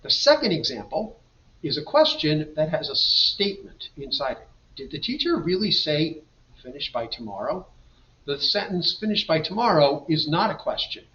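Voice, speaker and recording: A man's voice: a little high, very animated, normal speed, bright, forceful tone. Man teaching grammar in a roomy echo. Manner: patient, explanatory, reads example sentences aloud. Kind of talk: slideshow grammar lesson. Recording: dull, roomy, mic at a distance.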